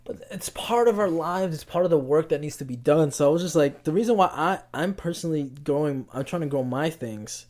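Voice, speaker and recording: A young man co-hosting a podcast, telling stories in casual chat with lots of restarts and an animated, rambling delivery. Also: fairly high pitch, fairly quick, few pauses. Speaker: podcast co-host.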